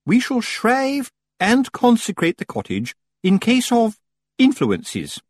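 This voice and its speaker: A man voicing a haughty, pompous woman in a storybook, speaking high and drawn out in a husky falsetto. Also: huge pitch swings, slow, dry recording, full character voice. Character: haughty pompous witch woman, gushing and grand.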